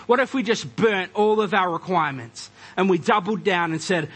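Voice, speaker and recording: A man preaching a conversational sermon, animated and acting out quoted voices. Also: high-pitched, moderate pace, few pauses, breathy edge, rough recording. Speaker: pastor.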